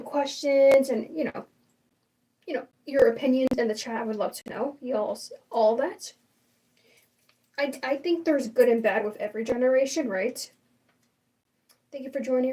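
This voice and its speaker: A young woman chats through a casual livestream in a high but mellow voice, restarting sentences and leaning on fillers as she gives her opinions. She sits a little back from the mic, so the sound is slightly distant. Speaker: livestream host.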